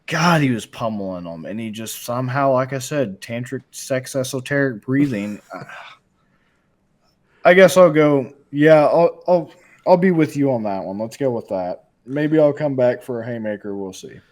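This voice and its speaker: A man's voice: mid-range voice, animated, normal speed, darkish tone. A young man co-hosting a fight betting podcast, rambling, jokey and profane. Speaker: podcast co-host. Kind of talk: casual betting chat.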